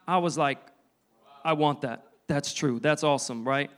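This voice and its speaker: A man in his thirties preaching a sermon, telling his testimony in an earnest, halting way with many restarts. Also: high voice, fairly bright tone, clean tone.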